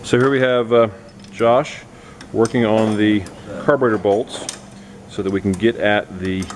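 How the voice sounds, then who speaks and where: This middle-aged garage-video host has a lowish voice with fairly even intonation and an unhurried pace. He talks casually as he guides a kid through fixing a car at home, and the recording picks up lots of garage noise.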